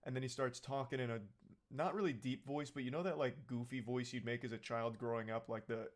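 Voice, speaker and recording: A man's voice: mid-range voice, fairly even intonation, a little fast. A man giving a casual, comedic movie recap, rambling and sarcastic, with plenty of swearing.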